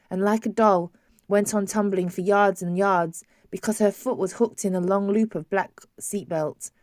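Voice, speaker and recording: A woman narrates a novel in a measured, even storytelling manner, at a middle pitch. Her voice is close and dry, with no room sound. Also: no echo. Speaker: audiobook narrator. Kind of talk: scripted narration.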